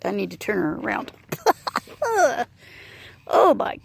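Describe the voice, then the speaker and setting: A woman's voice: medium pitch, huge pitch swings, takes it slowly, gravelly, husky. A woman running a horse sanctuary talks casually outdoors with her horse, rambling and laughing often. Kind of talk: casual vlog.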